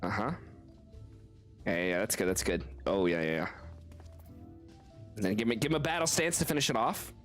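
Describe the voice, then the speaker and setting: A man's voice: on the low side, moderate pace, pauses often, fairly bright tone, soft background music. A man streaming a video game, chatting casually and playfully, laughing often and swearing freely. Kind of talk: casual gameplay commentary.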